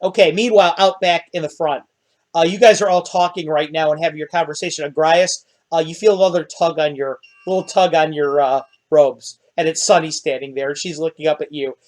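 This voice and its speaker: A man narrating as dungeon master of a tabletop game, lively and quick to laugh. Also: fairly high pitch.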